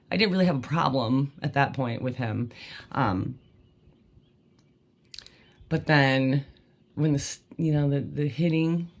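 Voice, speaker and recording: This is a podcast host recounting personal memories in a candid, conversational way. The voice sits at a middling pitch with a gravelly edge, and the delivery wanders with frequent fillers before landing emphatic points. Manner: casual, rambling, many "like" fillers, emphatic.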